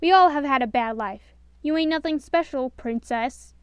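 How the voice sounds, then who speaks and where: A woman's voice: high voice, moderate pace, dry recording, muffled recording, natural voice. A woman voicing Grumpy, an irritable dwarf who snaps at everyone. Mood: scornful. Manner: snappish, scornful. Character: irritable gruff male dwarf.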